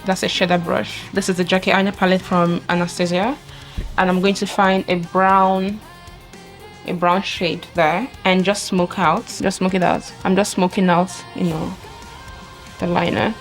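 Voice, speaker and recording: With soft music in the background, a woman narrates a casual mascara tutorial one step at a time, chatty and full of exclamations. Her voice is on the low side, level in tone, at a moderate pace.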